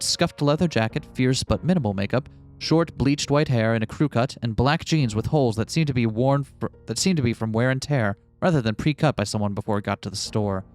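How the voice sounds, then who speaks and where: Man reading a text game aloud. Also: medium pitch. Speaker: co-host playing a game.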